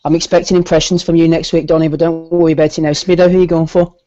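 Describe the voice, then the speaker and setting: A man hosting a live boxing podcast, briskly reading out names and calling on each panelist in turn. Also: fairly high pitch, level tone, mellow, dry recording, highs cut off. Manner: runs the show, reads lists and calls on panelists. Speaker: podcast host.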